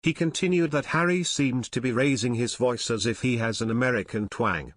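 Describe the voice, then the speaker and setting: A man narrating a scripted news piece in an even, read-aloud manner. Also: mid-range voice, fairly quick, dry recording, studio quality.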